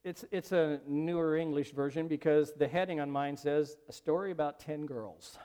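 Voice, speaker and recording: Male pastor, high voice, conversational sermon, asks the congregation questions. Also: fairly even intonation, moderate pace, mellow, clean tone. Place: church service.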